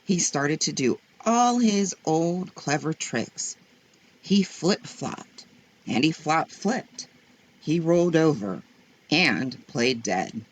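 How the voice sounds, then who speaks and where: A woman reads a children's story aloud in a low, husky voice. She takes her time and lets her pitch rise and fall expressively with the tale. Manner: slow, expressive, gentle reading.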